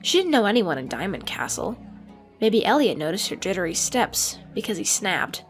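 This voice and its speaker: A woman narrating an audiobook in an expressive storytelling manner. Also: mid-range voice, normal speed, soft background music.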